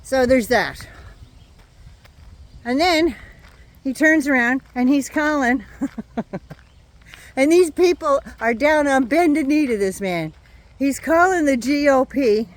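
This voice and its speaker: A woman's voice: high voice, lively intonation, slow, long pauses. An older woman ranting on her vlog, blunt, indignant and sarcastic. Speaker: vlogger.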